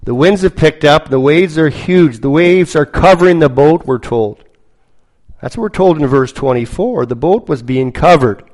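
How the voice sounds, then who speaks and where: A man preaching a sermon, telling a story slowly and dramatically, with lots of repetition. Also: on the high side, darkish tone, poor audio.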